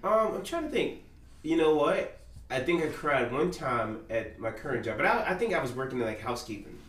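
A man co-hosting a podcast, telling a work story in relaxed chat. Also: medium pitch, brisk, far from the mic. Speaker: podcast co-host. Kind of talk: casual chat. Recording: echoey room from off-mic.

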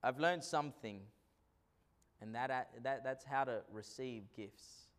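A man preaching a sermon as pastor, swinging between loud declarations and quiet asides. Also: mid-range voice, measured pace.

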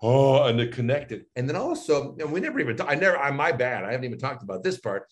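A man, a voice and speech coach, chatting in an interview with lively, animated phrasing and frequent laughs. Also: mid-range voice, fast talker, dull audio. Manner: animated, demonstrates intonation with exaggerated phrasing; laughs often, restarts sentences. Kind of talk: casual interview talk.

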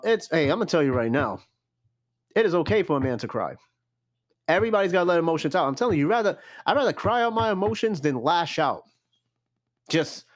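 Young man, casual podcast host, blunt and swearing, lively up-and-down voice, fairly high pitch. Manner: blunt, animated, profane, repeats "I'm gonna tell you right now". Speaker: podcast host answering listener questions. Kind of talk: casual solo podcast talk.

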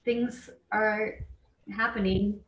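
A woman's voice: mid-range voice, steady tone, slow pace, poor audio. A woman co-hosting a casual chat, supportive and thinking aloud with lots of fillers. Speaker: podcast co-host.

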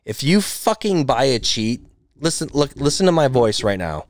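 A young man hosts a casual gaming podcast, ranting hard and swearing constantly. His voice sits at a middle pitch. The close mic sounds dry, with no room in it. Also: sing-song, moderate pace, dry recording. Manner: profane, ranting, emphatic. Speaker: podcast host.

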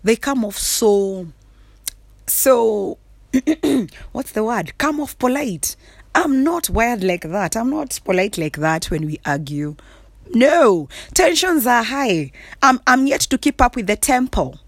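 A woman giving a sassy, emphatic casual monologue from her bed, often clearing her throat and laughing. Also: on the high side, big pitch swings, slow pace, no room sound. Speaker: vlogger. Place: in bed at home.

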